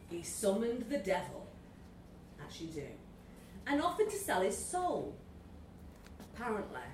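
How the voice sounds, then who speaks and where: A woman's voice: on the high side, a little hiss or hum. A woman reading a comic story aloud to an audience, wry and playful, often laughing. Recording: echoey room from a distance.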